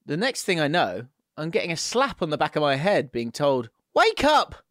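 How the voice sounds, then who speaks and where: A man's voice: on the high side, lively intonation, fairly quick, no echo, studio quality. A man hosting a casual podcast, chatty and laughing as he reads listener messages aloud. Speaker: podcast host.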